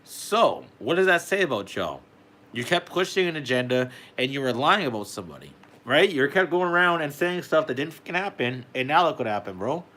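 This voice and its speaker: A man's voice: fairly high pitch, big pitch swings, fairly quick, pushed and bright. Swearing man ranting. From Canada. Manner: swearing, heated, peppered with "bro". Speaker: vlogger. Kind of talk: profane political rant to camera.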